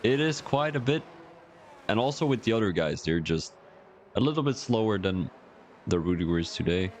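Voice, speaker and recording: There's slight background noise as a man with a lowish voice speaks at normal speed with lively intonation. His live-stream commentary on a sim racing league is chatty and rambling, aimed at his viewers, with jokes about himself.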